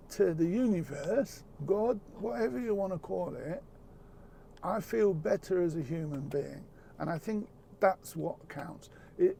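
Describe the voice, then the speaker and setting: A man speaking earnestly in a reflective, casual chat, halting and repeating words as he goes, with the odd swear word. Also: on the high side, vocal fry, mellow, slight background noise.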